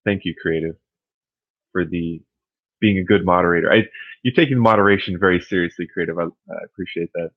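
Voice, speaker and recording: A man hosting a casual livestream, rambling and thinking out loud as he answers his chat. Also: sits low, fairly quick, dry recording, narrow, tinny audio. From California.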